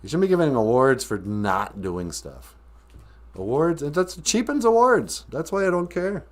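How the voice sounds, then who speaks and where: A man's voice: on the high side, sing-song, a little slow. Rambling, sarcastic male podcast host. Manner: sarcastic, rambling, mock-grumpy. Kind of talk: comedic rant on a live stream.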